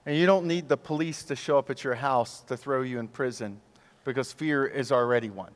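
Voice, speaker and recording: A medium-pitched, brisk voice fills a large church auditorium, its sound trailing in long hall reverb. The man is a guest pastor delivering a sermon, animatedly telling funny stories and bantering with the crowd.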